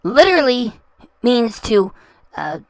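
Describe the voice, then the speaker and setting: A woman's voice: fairly high pitch, very animated, takes it slowly, dry recording, poor audio. A woman hosting a reaction channel, talking over clips in a scornful, insulting way and often stumbling and repeating words. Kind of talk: mocking commentary over clips.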